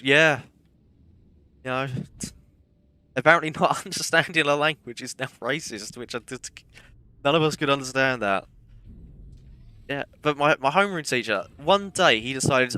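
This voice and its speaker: A man's voice: medium pitch, normal speed, pauses often, pushed and bright, clean tone, dry recording. A young man streaming a game, rambling through casual anecdotes with self-deprecating humour. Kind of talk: casual gameplay commentary and storytelling.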